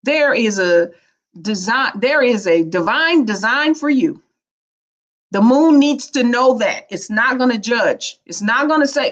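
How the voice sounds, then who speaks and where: A woman's voice: on the high side, lively intonation, a little slow. A woman, giving a spiritual teaching talk in a playful, preachy, colloquial way. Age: 50s. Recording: dull lo-fi recording.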